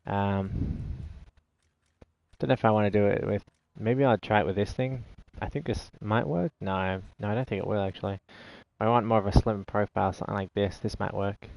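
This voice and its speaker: A man's voice: lowish voice, steady tone, moderate pace, creaky, no room sound, muffled recording. An Australian man giving rambling, sarcastic live commentary while playing a video game, easily exasperated. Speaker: gaming channel host.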